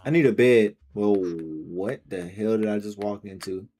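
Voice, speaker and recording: A man live-streaming a game, reacting out loud in casual, slangy commentary and talking to himself and his viewers. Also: on the low side, measured pace. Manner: excitable, slangy, talks to himself and chat.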